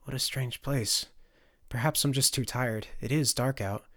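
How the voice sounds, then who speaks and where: A man's voice: medium pitch, fairly even intonation, measured pace, a bit bright, natural voice. A man voicing a naive, awkward young man, earnest and easily flustered.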